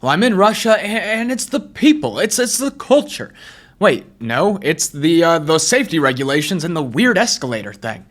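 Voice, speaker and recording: A man's voice: a little high, sing-song, moderate pace, fairly bright tone. A man hosting a casual commentary video, chatty and asking himself rhetorical questions. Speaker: YouTube host, personality typing commentator. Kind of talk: casual commentary over clips.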